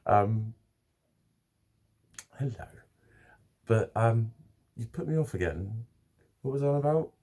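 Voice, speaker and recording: Guy rambling to camera, swears a lot, keeps restarting, mid pitch. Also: lively intonation, slow pace, long pauses, dark tone. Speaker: vlogger. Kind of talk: casual rambling vlog to camera.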